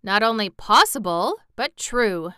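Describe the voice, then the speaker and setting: A woman's voice: mid-range voice, animated, unhurried, pushed and bright, clean tone, dry recording, studio quality, pitched above the performer's own voice. A woman voicing a proud, boastful male cab horse who talks down with pity. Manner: haughty, pitying.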